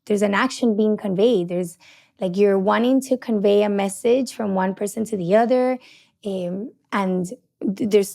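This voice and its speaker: A middle-aged woman, a couples therapist hosting a podcast, talking passionately and loudly with many restarts. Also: on the high side, creaky. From Puerto Rico. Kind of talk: casual podcast teaching.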